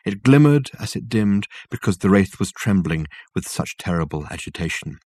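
A man narrating an audiobook in a measured, wry storytelling manner. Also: fairly low pitch, lively intonation, darkish tone, dry recording. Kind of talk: scripted narration.

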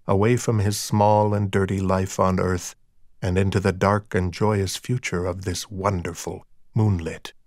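Hushed, low-voiced male audiobook narrator. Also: no room sound, studio quality. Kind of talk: audiobook narration of dark fiction.

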